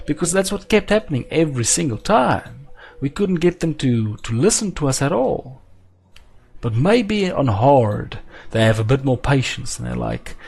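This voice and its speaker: A man casually commentating his own strategy game play, chatty and musing aloud, muttering numbers and slipping into quick silly voices. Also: medium pitch, sing-song, vocal fry, darkish tone, slightly rough. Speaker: gameplay commentator.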